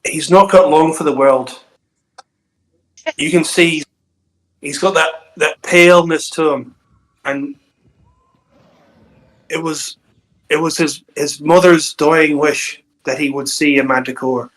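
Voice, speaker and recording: A wheedling pastor posing as a heartbroken father, as a man acts him out in a tabletop game. He pleads in a lifted, sugary tone and slides into hushed conspiracy, unhurried and drawn out. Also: a little high, steady tone, low-quality recording. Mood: conspiratorial. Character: wheedling middle-aged male pastor posing as a grieving father.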